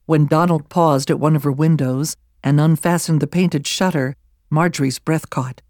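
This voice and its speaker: An audiobook narrator reading a historical novel in a measured, even storytelling manner on a close microphone. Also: mid-range voice, dry recording. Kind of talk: scripted narration.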